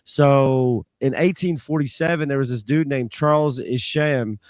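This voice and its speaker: A man's voice: mid-range voice, measured pace, dry recording. A man co-hosting a podcast, explaining background trivia in a loose, chatty way. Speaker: podcast co-host. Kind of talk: casual chat.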